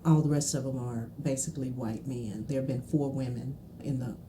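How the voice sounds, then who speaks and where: A woman's voice: a bass voice, steady tone, brisk, background noise. A woman from the Mississippi Delta, a guest on a podcast, telling reflective stories with occasional laughter. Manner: reflective, warm storytelling with laughs. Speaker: guest, trial lawyer. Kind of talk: casual conversational interview.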